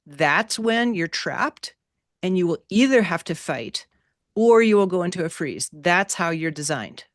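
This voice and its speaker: Animated woman teaching an online class. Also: medium pitch, dry recording, studio quality. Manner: animated, playful, repeats key words. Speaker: workshop teacher. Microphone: video call.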